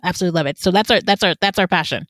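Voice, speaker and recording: A woman's voice: on the low side, very fast, fairly bright tone, clean studio sound. Enthusiastic woman podcast host. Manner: enthusiastic, affirming, echoes the guest's points. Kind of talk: casual podcast interview.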